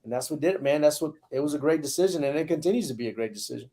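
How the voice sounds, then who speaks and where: Mellow-voiced earnest profane man. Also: a little high, expressive, racing. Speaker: retired sergeant major, podcast guest. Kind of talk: casual chat.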